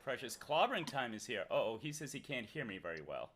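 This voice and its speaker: A man hosts a live stream in loose, joking chat, reading his viewers' messages aloud. His pitch moves lively up and down, and he laughs easily. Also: fast talker, noisy background. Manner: jokey, reads chat aloud, laughs often.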